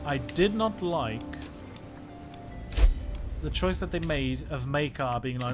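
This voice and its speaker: A man livestreaming a strategy game, his pitch lively and bouncing up and down as he jokes. He chats with his viewers in a loose, casual way, and music plays steadily behind his voice. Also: measured pace. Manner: joking, chatty, talks to viewers. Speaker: historian streaming a strategy game.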